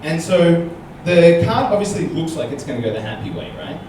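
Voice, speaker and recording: Male comedian, fairly high lively voice, live stand-up storytelling, echoey distant room recording with noise. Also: a little fast. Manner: animated, punctuates with "right?". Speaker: comedian guest. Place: small comedy venue with audience.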